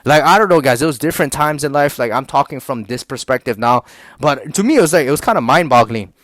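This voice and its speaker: A man's voice: medium pitch, expressive, fast talker, fairly bright tone, no room sound. Young man, casual rant, swears constantly, rambling, dry recording. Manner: rambling, profane, filler-heavy, keeps addressing the audience. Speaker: YouTuber. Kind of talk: casual storytelling rant to camera.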